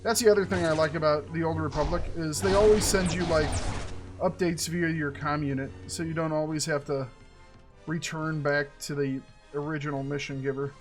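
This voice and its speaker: A man chatting casually as he plays through a game, thinking aloud and getting excited over his rewards. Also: fairly high pitch, moderate pace, faint music behind. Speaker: gaming channel host. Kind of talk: casual let's-play commentary.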